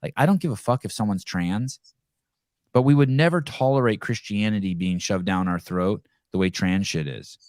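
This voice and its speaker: Here a podcast host with a fairly low voice rants at normal speed, cursing bluntly and animatedly through casual commentary. It's a studio-quality recording without any echo.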